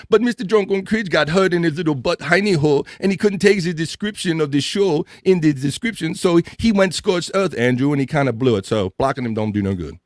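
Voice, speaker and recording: An American man with a voice on the high side hosts a casual livestream podcast, reading out viewer comments and ranting with swearing and jokes. The audio is clean studio sound with no room echo.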